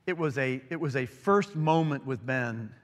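A middle-aged man preaching a sermon, earnest and emphatic, dropping to a hushed tone when telling a family story. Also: medium pitch, expressive, moderate pace. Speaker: pastor. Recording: long hall reverb.

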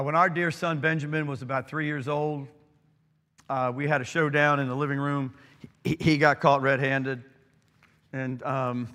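Earnest preacher in a reverberant hall. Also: male voice, medium pitch. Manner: earnest, swings from emphatic to hushed storytelling. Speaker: pastor. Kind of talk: sermon.

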